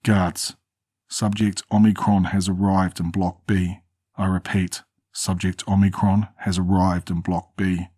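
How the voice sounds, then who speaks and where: Guy doing a smug young traitor, cold and low, dry close sound, horror storybook. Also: little pitch movement, a little slow, mellow, husky, no echo. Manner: smug, matter-of-fact.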